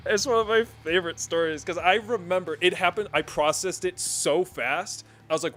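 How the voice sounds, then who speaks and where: Bright-voiced young man telling a story. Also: high-pitched, moderate pace, few pauses, soft background music. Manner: rambling, laughs often, swears casually. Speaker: streamer. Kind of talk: casual storytelling while streaming a game.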